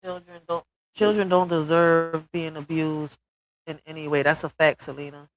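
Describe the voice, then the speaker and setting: A woman's voice: low-pitched, flat delivery, moderate pace, no echo, poor audio. A woman hosting a live stream, talking emotionally and bluntly with lots of cursing, often checking in with "all right?". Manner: emphatic, builds to forceful peaks.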